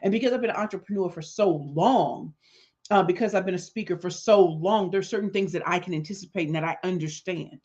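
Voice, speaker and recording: A middle-aged woman hosting her podcast, telling a story in an animated, conversational way with emphatic repetitions. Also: fairly low pitch, fairly quick, husky. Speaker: podcast host and business speaker. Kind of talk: storytelling monologue. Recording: dull lo-fi sound.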